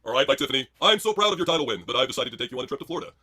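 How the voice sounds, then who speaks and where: A man's voice: mid-range voice, animated, very fast, pushed and bright, husky, pitched below the performer's own voice. A man voicing a smug, boastful rich suitor, grand in manner.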